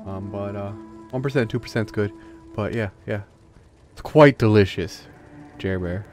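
A young man chats through a game stream, rambling and cursing in a loose, joking way. His voice sits a bit low. Faint music plays under him. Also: moderate pace, a little mellow. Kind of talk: casual gameplay chat.

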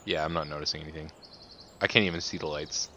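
A man's voice: steady tone, quick pace, bright, forceful tone. A man co-hosting a gameplay video, chatting casually and laughing often. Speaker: co-host playing a farming game. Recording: muffled low-fi mic with faint hiss.

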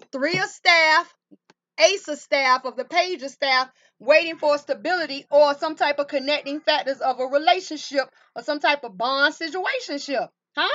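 High-pitched lady doing a tarot reading, keeps asking "see that?", calls folks baby, kinda muffled lo-fi audio. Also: fairly bright tone. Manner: emphatic, repeats rhetorical questions to viewers; calls viewers baby and honey. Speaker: tarot reader. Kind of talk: tarot card reading to camera.

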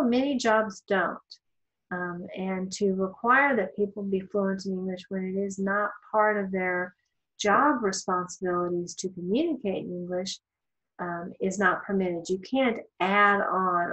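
A woman's voice: medium pitch, a little slow, fairly bright tone, muffled recording. Woman giving a casual law lecture. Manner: conversational, with asides and fillers. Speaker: law instructor. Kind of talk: recorded lecture.

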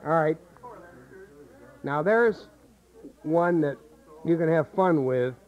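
A man's voice: on the high side, slow. Man coaching voice technique, tinny old tape. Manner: coaching a group, demonstrating voice sounds. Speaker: voice acting teacher. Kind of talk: seminar lecture with vocal demonstrations. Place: seminar room with a group.

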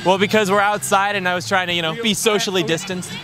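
A man, a YouTuber, questioning protesters outdoors in a deadpan, mock-innocent, needling way. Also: sits high, fast, music in the background. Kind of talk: provocative street interview. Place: outdoors by a street. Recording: outdoor street noise.

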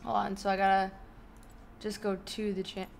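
A woman's voice: mid-range voice, level tone, normal speed, gravelly, a little hiss or hum. A young woman chatting casually on a live stream from her bedroom, swearing and thanking subscribers while fighting hiccups. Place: home bedroom.

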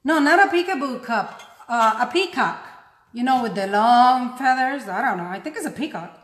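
A woman's voice: high voice, lively intonation, fairly quick, roomy sound. Chatty woman with a non-native accent. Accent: non-native English accent. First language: not English. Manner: chatty, self-deprecating, talks while working. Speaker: craft tutorial host. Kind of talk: casual painting tutorial.

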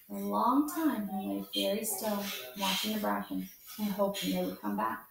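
A woman hosting storytime who reads a children's picture book aloud in a gentle, expressive voice and adds chatty asides. She is far from the mic in a very echoey room, with faint noise in the background. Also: mid-range voice, normal speed, vocal fry. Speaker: storytime host.

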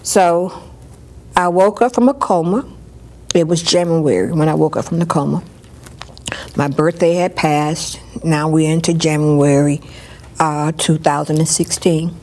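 Woman, lower register, warm storytelling in an interview, quotes people vividly. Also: a little slow, slight background noise. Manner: lively storytelling, acting out others' words. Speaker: storyteller sharing her life. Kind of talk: personal story told in an interview.

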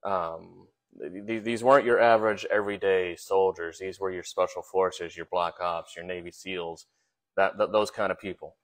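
Low-voiced man preaching a casual sermon. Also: fairly even intonation, moderate pace. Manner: informal, with frequent fillers and repeated words; asks the listeners rhetorical questions. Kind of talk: conversational sermon.

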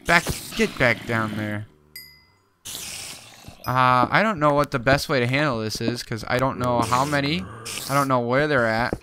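A young man giving casual gameplay commentary, excitable and jumpy, talking to himself as he plays. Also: medium pitch, normal speed, long pauses, background noise. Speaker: gaming YouTuber.

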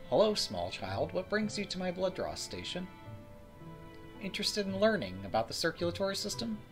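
A man's voice: high-pitched, sing-song, moderate pace, fairly bright tone, faint music behind, pitched above the performer's own voice. A man voicing a chatty, quirky hospital worker in a game who muses aloud. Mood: musing. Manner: musing, conversational.

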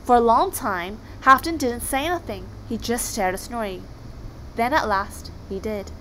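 A woman reading a children's story aloud in an expressive storytelling way. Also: fairly high pitch, moderate pace, slight background noise.

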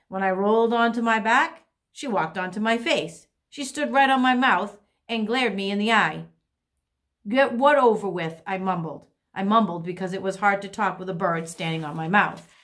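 A woman teacher reading a children's chapter book aloud to a second grade class, expressively. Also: medium pitch. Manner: expressive storytelling.

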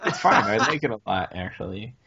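A man's voice: fairly low pitch, animated, a little fast, pushed and bright, husky, lo-fi sound. Rambling man. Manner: rambling, hesitant, full of "like" and restarts. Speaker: podcast co-host. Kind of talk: casual chat.

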